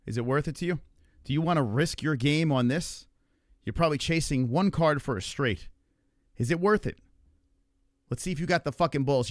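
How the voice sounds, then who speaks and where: A man's voice: on the high side, normal speed, a little hiss or hum. A man casually commentating his own poker game, taunting and swearing at his opponent. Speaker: podcast host playing poker.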